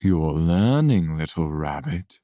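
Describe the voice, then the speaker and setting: A woman putting on a smug, menacing man's low drawl. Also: big pitch swings, warm tone, no echo, clean studio sound, exaggerated voice. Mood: teasing. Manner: slow, low, teasing drawl. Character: smug, menacing man who speaks into minds.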